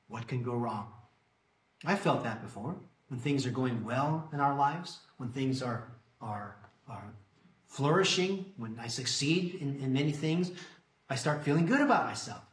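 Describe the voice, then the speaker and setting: A man preaching a sermon as pastor, earnest, slowing down to stress the scripture he quotes. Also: mid-range voice, a bit bright, echoey room. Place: church sanctuary.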